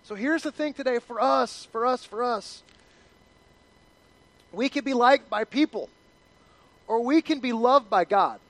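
A middle-aged male pastor preaching a sermon in an animated, conversational way, acting out quotes. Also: very high-pitched, a little slow, long pauses, no room sound, rough recording.

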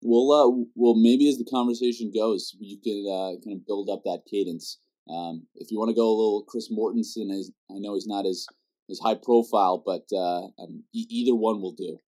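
Canadian man with a low voice. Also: fairly even intonation, normal speed, warm tone. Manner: rambling, with many fillers and restarts. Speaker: podcast host. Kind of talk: casual interview chat.

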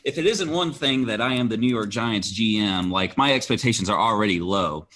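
A man's voice: on the low side, expressive, a little fast, fairly bright tone. A man joining a comedy sports podcast as a guest, joking in a laid-back way. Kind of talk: casual comedic chat.

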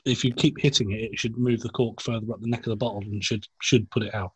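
Dude on a podcast, dry close sound, asks stuff, explains calmly. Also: male voice, on the low side, fast, husky, dry recording. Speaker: podcast co-host. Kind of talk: casual banter podcast.

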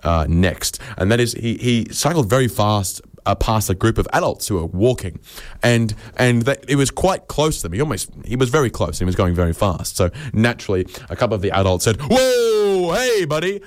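A man with an Australian accent rambles through a comic monologue in a dry, mock-serious way. His voice sits on the low side, and he keeps jumping it upward to stress his points. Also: expressive, brisk. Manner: sardonic, mock-serious, swings pitch for emphasis. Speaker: comedian.

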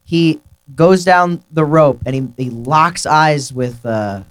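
A man co-hosts a casual podcast in a goofy, joking way, often reading out his own notes. His voice sits a little higher than most men's. He keeps the talk loose and silly. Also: takes it slowly, clear, resonant tone, no echo. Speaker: podcast co-host. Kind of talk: casual chat.

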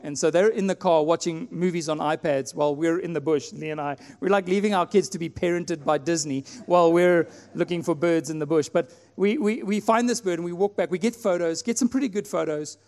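A man from South Africa preaching a sermon in a church, telling a personal story and acting out his own prayers with animated delivery. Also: a little high, a little fast, hardly any pauses. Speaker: pastor. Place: church hall. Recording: long hall reverb, faint music.

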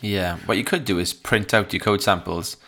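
A man co-hosting a podcast, answering in short, relaxed remarks. His voice is very deep. He sounds casual and at ease. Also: moderate pace. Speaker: podcast co-host.

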